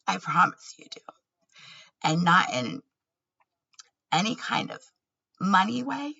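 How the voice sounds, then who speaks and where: A woman's voice: fairly low pitch, very animated, unhurried, gravelly, pauses often, bright, forceful tone, slightly rough, dull audio. A woman talking candidly in a personal vlog, earnest and laughing often between words. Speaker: vlogger.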